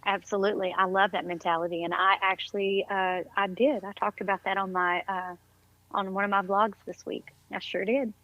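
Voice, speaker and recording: A woman's voice: mid-range voice, little pitch movement, brisk, no echo, dull audio. A woman speaking as a podcast guest in casual conversation, upbeat, encouraging and effusive.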